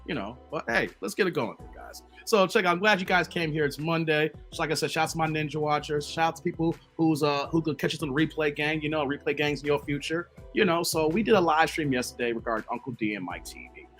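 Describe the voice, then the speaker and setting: A man's voice: fairly high pitch, fast, hardly any pauses, fairly bright tone, soft background music. A man hosting a casual live stream, joking around, laughing often and reading viewer comments aloud. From Chicago.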